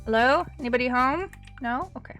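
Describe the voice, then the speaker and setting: A woman's voice: sits high, a little fast, fairly bright tone, faint music behind. A woman giving casual, chatty commentary while live-streaming a game, thinking aloud as she plays.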